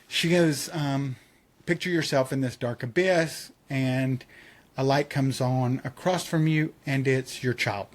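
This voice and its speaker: Animated man telling a personal story. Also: medium pitch, unhurried. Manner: animated storyteller, acts out quotes, laughs often. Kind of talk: casual chat.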